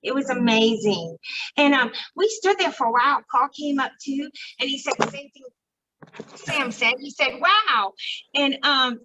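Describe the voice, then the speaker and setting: Bright, high-voiced excitable woman. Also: moderate pace, rough recording. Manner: excitable storyteller, laughs often. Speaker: podcast guest. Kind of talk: casual chat.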